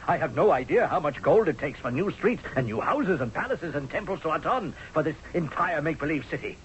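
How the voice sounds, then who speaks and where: A man's voice: on the high side, expressive, a little fast, slight background noise, natural voice. A man playing a blunt, sardonic army general. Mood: sarcastic. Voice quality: sardonic, forceful, pleading. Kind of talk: 1970s radio drama acting. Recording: dull lo-fi old radio broadcast.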